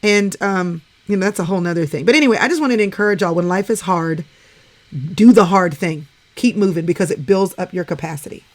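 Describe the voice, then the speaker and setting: A woman's voice: on the low side, quick pace, few pauses. A woman hosting a casual live-stream chat, talking to viewers in an encouraging, preacherly way. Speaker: host.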